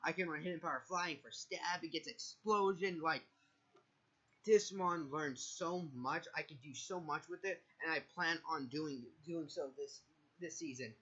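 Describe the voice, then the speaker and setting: Muffled audio captures a nervous video creator analyzing his draft picks casually, stumbling and correcting himself repeatedly. His pitch is fairly high and his tone bright and forceful with a breathy edge, at a measured pace.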